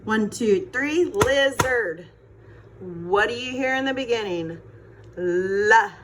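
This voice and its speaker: A woman teacher leading a phonics lesson on her phone, sounding out words slowly and patiently. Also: on the high side, lively intonation, background noise. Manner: slow, patient, encouraging sounding-out. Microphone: phone, set down and picked up.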